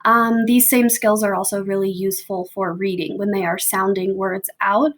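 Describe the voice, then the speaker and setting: A woman's voice: medium pitch, flat delivery. A young American woman teacher recording a patient, step-by-step spelling lesson for families. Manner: patient, slow, step-by-step prompting. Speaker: second grade teacher. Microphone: home video recording.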